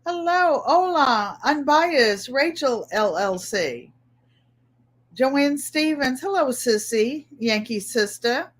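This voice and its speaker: A woman's voice: high voice, lively intonation, takes it slowly. A middle-aged woman hosting a casual livestream, greeting viewers by name and chatting about her week, often repeating her phrases. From Connecticut. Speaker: livestream host.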